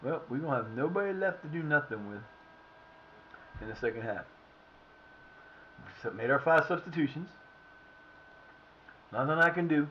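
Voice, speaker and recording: A man's voice: a little high, animated, normal speed, pauses often, highs cut off, slight background noise. A man streaming a football management game, commenting live and venting at his players and the referee. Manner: frustrated, swearing, talking at his players and the referee.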